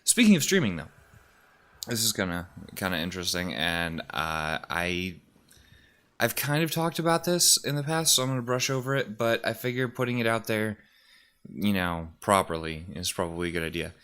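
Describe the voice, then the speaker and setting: A man's voice: on the low side, animated, moderate pace, sharp tone, smooth. A man talking casually into his mic in a room at home, rambling with lots of fillers and restarts, a little out of breath and sniffly. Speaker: YouTuber and streamer. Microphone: desk mic.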